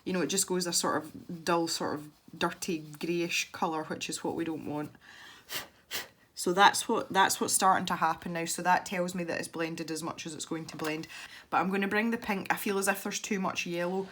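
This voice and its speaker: There's a little hiss or hum on this recording of a Scottish woman demonstrating an art technique while colouring for her channel. Her lowish voice is steady, fairly bright and at a normal speed, and she rambles and laughs easily.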